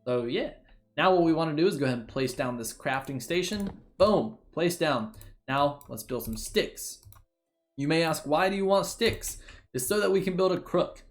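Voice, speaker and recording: A man's voice: on the high side, lively intonation, moderate pace. A young man hosting a casual game playthrough, talking in a jokey, rambling way and correcting his own slips. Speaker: gaming channel host. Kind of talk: casual let's-play commentary. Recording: music playing behind the voice.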